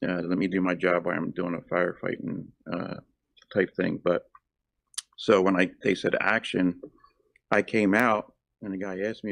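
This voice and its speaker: A man's voice: low-pitched, level tone, a little fast, creaky, a bit bright, no room sound. A middle-aged man from South Jersey, an actor and former firefighter, talking as an interview guest with many ums and uhs. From South Jersey, USA. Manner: rambling, lots of ums and uhs. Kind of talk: casual interview chat.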